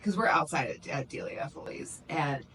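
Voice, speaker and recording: A woman's voice: sits low, moderate pace, fairly bright tone, recorded from a distance, a little hiss or hum, poor audio. A young woman co-hosting a podcast, telling stories in casual chat and saying "like" a lot. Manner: chatty storyteller, heavy use of "like". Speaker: podcast co-host.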